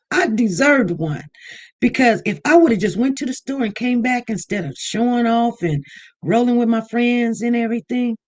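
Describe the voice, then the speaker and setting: A woman giving casual commentary on a vlog, animated and repeating herself as she mimics other people. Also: on the high side, normal speed. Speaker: online news commentator.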